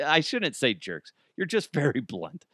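A man's voice: on the high side, huge pitch swings, slow, a bit bright, dry recording. Colorado guy chatting on his podcast, rambly, jokes about himself, dead dry sound. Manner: rambling, self-deprecating, jokey asides. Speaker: podcast host. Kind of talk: casual solo chat.

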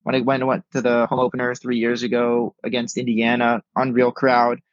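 A man's voice: medium pitch, monotone, normal speed, no room sound. A young man as a guest on a sports podcast, speaking emphatically and repeating words as he thinks, heard over a remote call. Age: young adult. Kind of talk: casual sports podcast chat. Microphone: remote call microphone. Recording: dull lo-fi remote call audio.

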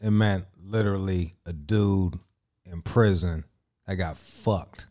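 A man's voice: deep voice, takes it slowly, mellow. A man talking as a podcast guest in casual chat, blunt and profane in his stories.

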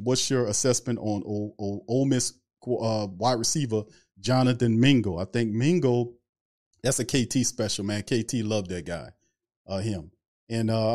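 A man's voice: mid-range voice, a little mellow. A man hosting a casual sports talk livestream, loose and chatty, greeting viewers in the chat by name. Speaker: sports talk show host.

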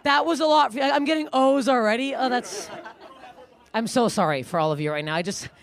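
A woman in her thirties doing a crude, self-deprecating stand-up set, acting out shouted quotes. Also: on the high side, brisk. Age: 30s. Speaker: stand-up comedian. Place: comedy club stage. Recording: live club with faint crowd and noise. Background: audience laughter.

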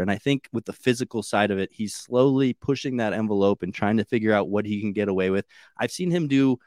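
Steady lower-voiced American podcast co-host. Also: male voice, quick pace, dry recording, clean studio sound. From United States. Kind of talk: casual sports chat.

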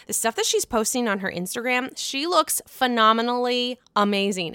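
A young woman hosting a casual gossip podcast, excitable, gushing and swearing freely. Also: medium pitch, clean tone, dry recording. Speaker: podcast host.

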